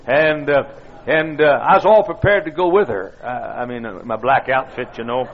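A man's voice: medium pitch, moderate pace, phone-quality sound, slight background noise. An older man, a pastor, telling stories in a folksy, self-deprecating sermon with many fillers and restarts. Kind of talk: storytelling sermon.

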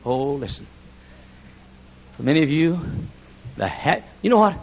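Husky, emphatic male preacher. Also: fairly high pitch, big pitch swings, unhurried, lo-fi sound. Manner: swings between shouting and hushed speech; emphatic repetition. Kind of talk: fiery church sermon. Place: church sanctuary before a congregation.

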